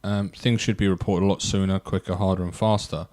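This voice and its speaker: A man's voice: sits low, little pitch movement, fairly quick, a little mellow. A young man co-hosting a casual podcast chat, rambling and thinking aloud with lots of fillers. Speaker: podcast co-host.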